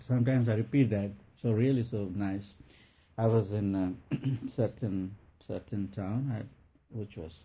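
Man, spiritual teacher, low husky voice, halting with restarts, tinny phone-like recording. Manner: halting, many restarts, soft laughs. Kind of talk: spiritual talk with anecdote.

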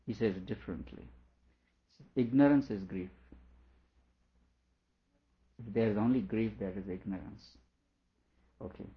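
A man with a fairly low voice gives a lecture on scripture, going over each idea patiently and restating it in different words. The recording is dull and lo-fi, with the top end muffled. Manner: deliberate, explains by repeating and rephrasing. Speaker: teacher.

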